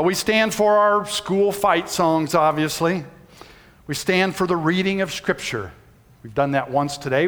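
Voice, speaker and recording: Man, 60s, pastor, folksy sermon, long hall echo. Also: fairly high pitch. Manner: folksy storytelling, shouts when reenacting. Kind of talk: sermon with personal story. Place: church sanctuary. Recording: reverberant church hall.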